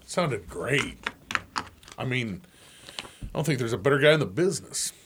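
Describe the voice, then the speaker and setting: Brief: male sports radio co-host, lively joking delivery with a very expressive pitch, prone to bursts of shouting. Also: moderate pace, background noise. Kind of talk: casual sports talk. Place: radio studio.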